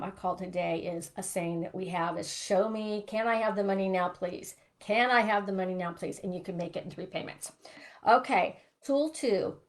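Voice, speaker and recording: A middle-aged woman coaching listeners on money mindset, earnestly asking reflective questions. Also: mid-range voice. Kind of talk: live coaching broadcast.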